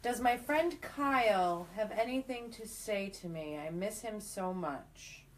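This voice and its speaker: A woman's voice: medium pitch, animated, unhurried. Woman reading viewer questions aloud.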